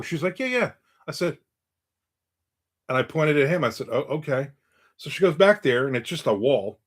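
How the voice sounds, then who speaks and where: A man's voice: a little high, a bit bright. A middle-aged man casually telling a story about his day, acting out the voices of the people in it. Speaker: vlogger telling an anecdote.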